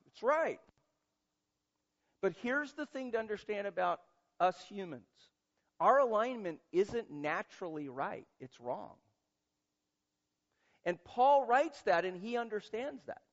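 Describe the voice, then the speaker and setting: A man's voice: high voice, lively intonation, measured pace. A man preaching a sermon as pastor, talking in a conversational, emphatic way and asking the listeners rhetorical questions. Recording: muffled lo-fi sermon recording.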